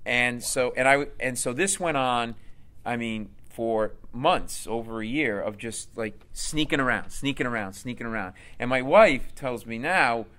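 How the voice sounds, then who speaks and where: A man, a comedian, telling a comic story in an interview in an animated way. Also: mid-range voice, a little slow. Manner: animated, acts out voices. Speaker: comedian guest.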